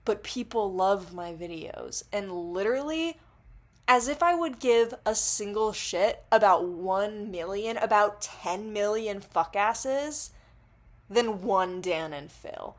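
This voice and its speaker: A woman's voice: medium pitch, animated, slow pace. Rambling, giggly woman vlogging while intoxicated. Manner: rambling, giggly, swears freely. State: under the influence. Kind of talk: casual rambling monologue to camera.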